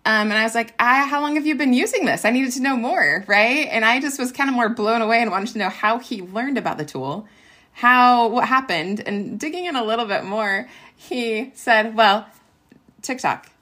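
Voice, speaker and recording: A woman's voice: a little high, moderate pace. A woman in her forties, an ed tech worker and former teacher, telling a story casually with lots of fillers and quoted back-and-forth. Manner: animated retelling with many fillers and quoted dialogue.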